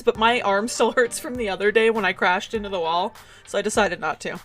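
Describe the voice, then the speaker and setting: A woman's voice: a little high, expressive, slow pace, pauses often, fairly bright tone, soft background music. A young adult woman streaming a game live, who chats in a giggly, jokey way and reads the game text aloud.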